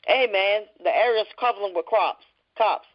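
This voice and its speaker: A woman's voice: mid-range voice, a little slow, muffled recording, close to an everyday voice. A woman voicing a menacing male kidnapper with curt, threatening lines in a book reading.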